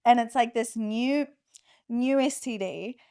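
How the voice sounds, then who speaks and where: A woman's voice: fairly high pitch, slow pace, dark tone, smooth. A young woman with an Australian accent, chatting frankly as a podcast guest, with many fillers. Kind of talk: casual chat.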